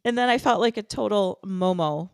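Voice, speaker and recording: An American woman co-hosts a casual fan podcast, telling her stories with animation and frequent laughter. Her voice sits at an ordinary middle pitch. The recording is dry and close, with little room sound. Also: moderate pace, vocal fry, clean tone, no room sound. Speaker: podcast co-host.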